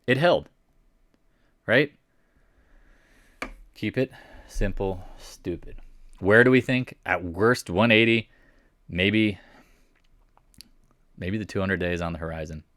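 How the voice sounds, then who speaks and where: A man's voice: fairly low pitch, slow pace, pauses often, a bit bright, dry recording, clean studio sound. Blunt, mocking male market commentator. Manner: blunt, mocking, rhetorical questions. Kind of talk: casual chart commentary.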